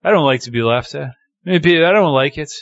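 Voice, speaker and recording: A man's voice: fairly high pitch, animated, fast, gravelly, dry recording, muffled recording. A man preaching a sermon, reading scripture aloud and building emphasis as he speaks. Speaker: pastor.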